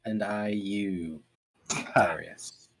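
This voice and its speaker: A man's voice: on the low side, steady tone, very slow, poor audio. A man voicing a guarded noble lord in a tabletop game, speaking in clipped, cool lines. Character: curt noble male lord, dry and guarded.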